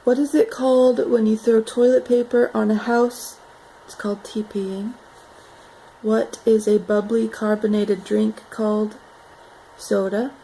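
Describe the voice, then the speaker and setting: A young woman talks slowly and loosely, filling gaps with "like" and "um". Her voice is a little high but dark and mellow, with a gravelly fry at the ends of phrases. A faint hiss sits under the home recording. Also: poor audio. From North Carolina. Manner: relaxed, rambling, says "like" and "um" often. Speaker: vlogger. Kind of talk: casual accent challenge vlog.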